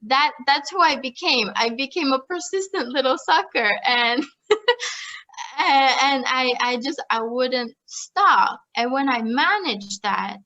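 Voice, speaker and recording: A young woman telling her story as a podcast guest, chatty and animated, with lots of "like" and frequent laughter. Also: high voice, slow pace, muffled recording. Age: young adult. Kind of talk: casual storytelling interview.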